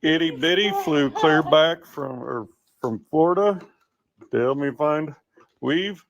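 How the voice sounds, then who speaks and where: A man cooing over a returned pet in a casual home video, drawn out and unhurried. His voice sits a touch above the usual male range. He talks in soft, doting baby talk. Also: a little high, gravelly, highs cut off, crowd noise. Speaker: pet owner filming his animals.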